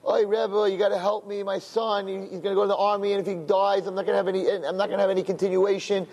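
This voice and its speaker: A man's voice: high voice, level tone, quick pace, darkish tone. A man playing a sobbing, desperate father who begs for help, his voice raised and wailing, with a long hall reverb. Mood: pleading. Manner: pleading, wailing. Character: sobbing desperate Jewish father, a disguised spy.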